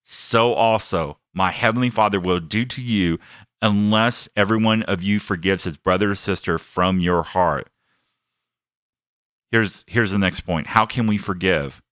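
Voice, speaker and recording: A man's voice: lowish voice, unhurried, a bit bright, clear, resonant tone, no room sound, studio quality. A man preaching a sermon, emphatic and earnest, stacking phrases as he builds each point and sharing his own story. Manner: emphatic, building lists with rising intensity; earnest personal testimony.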